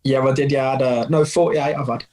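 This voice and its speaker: Guy on a call, chill, says it straight, normal pitch. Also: steady tone, quick pace, crowd noise, poor audio. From England. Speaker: guest fighter. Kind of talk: remote interview.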